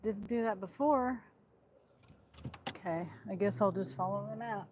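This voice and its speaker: A woman's voice: medium pitch, measured pace, noisy background. A woman vlogging casually from her car about her delivery gig, muttering to herself with frustrated asides. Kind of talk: casual talking while driving.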